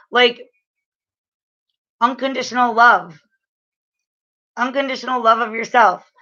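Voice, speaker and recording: Woman doing a chatty card reading on a live stream, kinda high voice, lots of "like", gets loud when she's excited, muffled lo-fi audio. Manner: rambling, full of "like" fillers and restarts. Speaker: oracle card reader.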